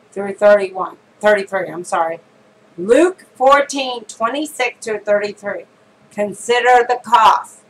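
A woman preacher delivering a sermon, addressing listeners directly with emphatic warnings and reading scripture slowly and deliberately. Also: on the high side, fairly bright tone, low-quality recording. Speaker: prophetess preacher.

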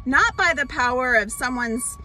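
A woman pastor telling a Bible story in a children's sermon, explaining slowly with many fillers and restarts. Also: high voice, sing-song, music in the background, poor audio.

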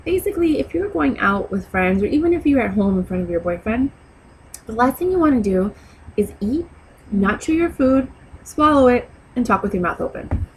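A woman's voice: a little high, sing-song, normal speed, darkish tone, a little hiss or hum, rough recording. Blunt, sassy woman vlogger. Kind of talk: casual advice vlog.

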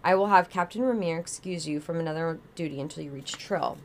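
A cool, logical female Vulcan officer from a storybook, speaking in a low voice with clipped, formal orders. A woman reads her lines aloud. No emotion shows in the delivery. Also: brisk, slight background noise.

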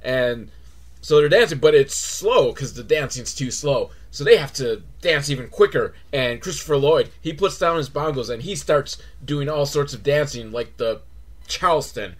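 A man recapping a kids' movie in a sarcastic, rambling way, with loud outbursts and mumbled asides. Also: medium pitch, animated, normal speed. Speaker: movie reviewer.

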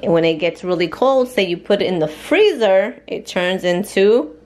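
A woman's voice: medium pitch, animated, normal speed, a little mellow. A young mother vlogging casually at home with a handheld camera. She chats, laughs often and slips into Spanish with her child. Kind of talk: casual family vlog. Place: home, indoors.

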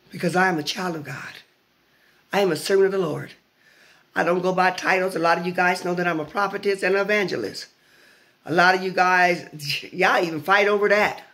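Woman evangelist, fervent preaching, bright forceful voice, loud repeated phrases. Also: fairly low pitch. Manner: fervent, shouting at peaks, repetitive. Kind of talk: online preaching.

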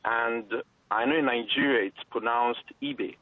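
A man's voice: mid-range voice, brisk, no echo. A man calling in to a radio phone-in, polite and hesitant with many ums. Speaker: phone-in caller. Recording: tinny phone line.

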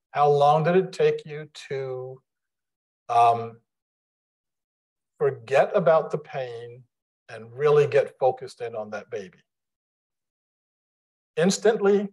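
A man giving a public lecture to a live audience in a room, speaking deliberately with frequent restarts. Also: a little high, poor audio. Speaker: guest lecturer.

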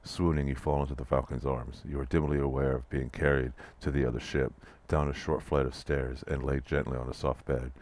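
A man with an extremely low, deep voice reads the passages of a text adventure aloud in an even way. Between passages he drops into dry, wry comments about what is going on. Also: fairly quick, few pauses. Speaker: let's play player reading text aloud. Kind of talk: reading interactive fiction aloud with asides.

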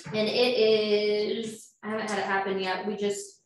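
A woman's voice: medium pitch, little pitch movement, measured pace. A woman, a loan officer giving an informal presentation, explaining steps with frequent fillers. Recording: echoey room, far from mic, faint noise.

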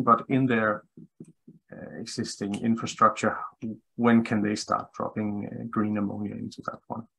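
Male webinar guest, low gravelly voice, thoughtful, restarts often. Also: pushed and bright, poor audio. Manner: thoughtful, many fillers and restarts. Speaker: engineering specialist guest. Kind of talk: webinar discussion.

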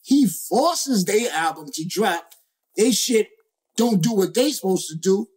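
A male rapper as a guest, telling a story in a lively, slangy, profane way and acting out other people's lines. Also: high voice, a little slow, breathy edge. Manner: slangy, profane, acts out quoted voices. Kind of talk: animated storytelling.

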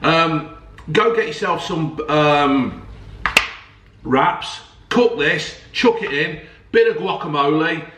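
Recorded from a distant mic in a roomy space with faint noise, a food vlogger jokes and chats casually about ready meals at home, cursing here and there. His voice is fairly high, expressive, and a bit bright, and he speaks slowly.

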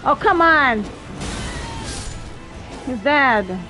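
A woman's voice: high-pitched, expressive, extremely slow, bright, forceful tone, soft background music, rough recording. A woman streaming a video game, commenting live, swearing and shrieking at setbacks and apologizing to her chat. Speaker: gamer streaming a boss fight.

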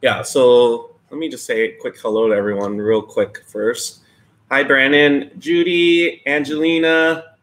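A man co-hosts a live mukbang stream indoors with the lights dimmed behind him, chatting casually, teasing his partner and greeting viewers by name. His voice is medium-pitched, steady and fairly bright, and he speaks at a measured pace.

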